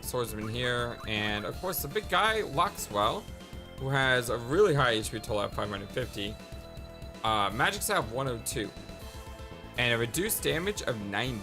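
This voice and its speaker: A man hosting a gameplay video, talking through stats and plans in an upbeat, chatty way with a very lively, bouncing pitch. Loud game music runs clearly underneath him. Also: normal speed. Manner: upbeat, chatty, laughs easily. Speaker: let's play host. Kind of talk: casual gameplay commentary.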